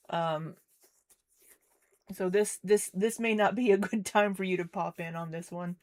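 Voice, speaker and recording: A woman hosting a reaction commentary, speaking slowly and gently and reassuring a viewer. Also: medium pitch. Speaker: commentary channel host.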